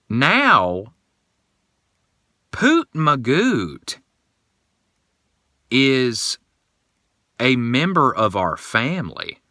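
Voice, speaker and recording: A man hosting a casual solo podcast, telling rambling, animated stories. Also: lowish voice, no room sound, clean studio sound. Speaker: podcast host.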